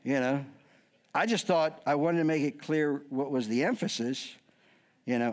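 A man's voice: fairly high pitch, moderate pace. A middle-aged man preaching a sermon as a pastor, joking and acting out voices as he goes. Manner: lively, joking, acts out quoted voices.

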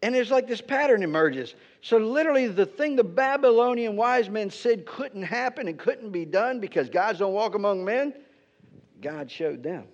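A man's voice: sits high, lively intonation, normal speed. A man preaching a teaching sermon in a conversational way, often checking in with his listeners by asking "right?". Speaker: pastor. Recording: dull lo-fi recording.

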